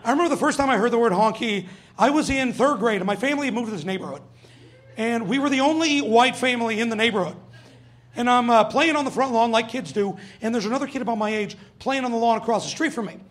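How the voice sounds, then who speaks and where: A man's voice: extremely high pitch, quick pace, fairly bright tone. A young man doing a stand-up comedy set on a club stage, brash and profane, acting out quoted voices.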